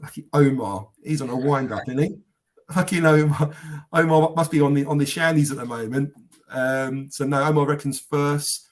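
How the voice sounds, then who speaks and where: A man's voice: a little high, moderate pace. Man, podcast host, casual rambling chat, swears, reads comments aloud. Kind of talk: casual live-stream chat.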